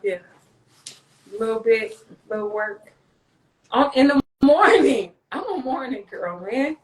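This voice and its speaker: Slow-talking woman with a high voice. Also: very animated, rough recording. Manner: loose, rambling, profane and joking. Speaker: livestream host. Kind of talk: casual livestream chat.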